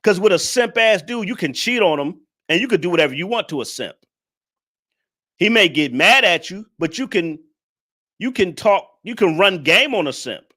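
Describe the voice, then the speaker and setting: Male commentary host, preachy lecturer, bright and somewhat high voice. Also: very animated, normal speed. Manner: preachy, lecturing, repeats points; addresses the audience directly. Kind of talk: reaction commentary on a clip.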